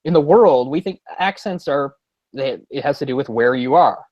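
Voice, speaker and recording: A man's voice: mid-range voice, animated, moderate pace, dry recording, muffled recording. Rambling man explaining on a film podcast. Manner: rambling, explanatory, many fillers and restarts. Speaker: podcast co-host. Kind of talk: casual movie discussion.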